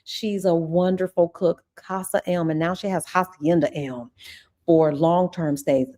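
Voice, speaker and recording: A woman's voice: on the low side, steady tone, measured pace, mellow. A woman, a former teacher, hosting a casual livestream chat with her viewers, effusive and chatty. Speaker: channel host.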